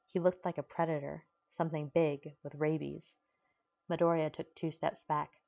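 Low, gravelly woman reading fiction. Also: level tone, moderate pace, darkish tone. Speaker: reader. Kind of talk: audiobook-style fanfiction reading.

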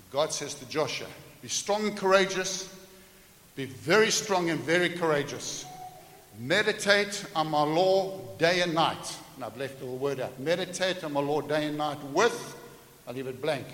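A man preaching a sermon to a congregation, animated, acting out everyday scenes and joking with his listeners. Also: on the high side, a little slow. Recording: echoey hall with faint hiss.

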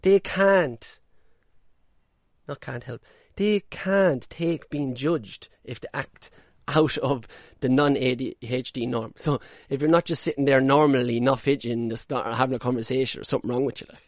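A man's voice: medium pitch, normal speed, no room sound, clean studio sound. A man hosting a casual monologue podcast from a caravan, talking bluntly, swearing freely and now and then mocking people in put-on voices. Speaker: podcast host.

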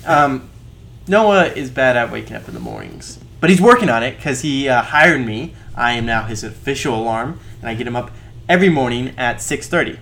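A man's voice: medium pitch, big pitch swings, fairly quick, creaky, a bit bright. Laughing young man telling stories. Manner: laughing, rambling storyteller. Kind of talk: casual chat.

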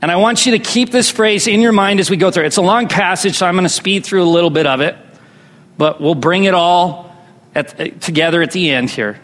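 A man's voice: high-pitched, fairly quick, a bit bright. A man preaching a sermon as pastor, drawing his congregation into call-and-response. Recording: long reverb hall.

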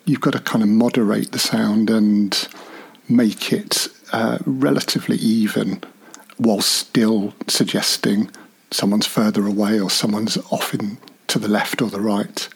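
A man's voice: lowish voice, steady tone, measured pace, creaky, breathy edge. A man, a sound designer, giving a thoughtful, hesitant interview answer with many fillers.

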